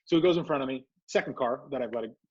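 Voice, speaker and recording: In a muffled recording, a man with a husky, mid-range voice rattles off a story at rapid-fire speed while co-hosting a casual podcast. He's from Southern California and tells it animatedly, doing impressions of the people involved.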